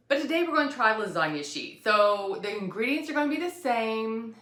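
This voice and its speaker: A woman's voice: medium pitch, a bit bright, roomy sound. A woman hosting a cooking vlog, chatty and upbeat, talking through her plan in a casual way. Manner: chatty, self-deprecating, upbeat. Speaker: cooking channel host.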